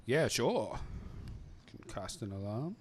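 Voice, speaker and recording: A man guides his players through a tabletop game on a live stream. He talks slowly and loosely, with plenty of fillers and easy laughs. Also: fairly low pitch, slightly rough. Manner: laughing, relaxed, hesitant with fillers. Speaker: game master.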